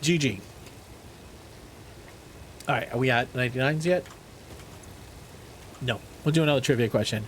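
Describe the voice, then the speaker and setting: A man's voice: medium pitch, normal speed, pauses often, a little hiss or hum. A man streaming a game live, joking and swearing with his chat and reading out trivia questions between bits of play. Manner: animated, profane, joking with chat; reads trivia questions aloud.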